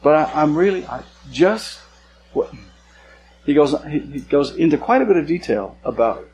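A male pastor giving a sermon in a relaxed, conversational way, with casual asides, slowing down to stress key words. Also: a little high, a little hiss or hum, rough recording.

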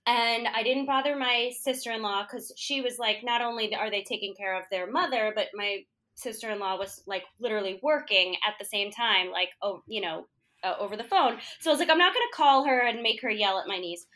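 A woman in her thirties tells a story in casual chat. Her voice sits high and bright. She gets animated, throws herself into the quoted lines, and laughs often. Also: brisk. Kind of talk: casual anecdote telling.

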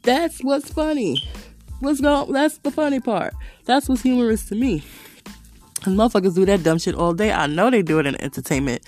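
Podcast host, casual monologue, heavy cursing, frequent laughter, mid-pitched voice, faint music under it. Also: moderate pace, a little mellow. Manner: profane, rambling storytelling; laughs often while telling stories.

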